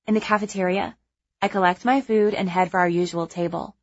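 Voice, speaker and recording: A young adult woman narrating a first-person audiobook in a measured, wry, conversational way. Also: medium pitch, steady tone, highs cut off.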